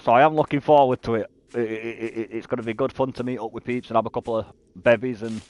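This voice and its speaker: A chatty British man in his thirties rambles while he plays a game on stream. He keeps tripping over his words and repeating them before he gets a sentence out. His voice sits at an ordinary middle pitch for a man. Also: fairly even intonation, fast talker, a little mellow, dull audio. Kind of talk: casual chat while gaming on stream.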